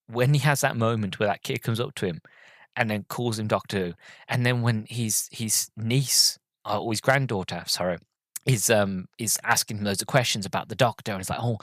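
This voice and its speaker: A man's voice: fairly low pitch, a bit bright, no echo. Earnest, rambling male podcast host. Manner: rambling, hesitant, full of ums and restarts; earnest, openly emotional fan. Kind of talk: casual storytelling review.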